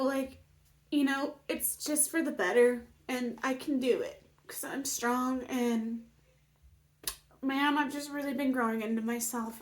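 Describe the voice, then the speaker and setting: A woman vlogging casually about her healing, emotional and open, with many fillers and moments where she drops to a whisper. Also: sits high. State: emotional, near tears. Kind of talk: casual personal vlog.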